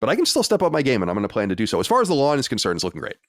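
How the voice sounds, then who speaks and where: A man's voice: medium pitch, wildly swooping pitch, rapid-fire, no room sound. A man hosting a podcast in casual chat, reading listener mail with playful, mock-boastful banter. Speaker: podcast host. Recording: dry close mic.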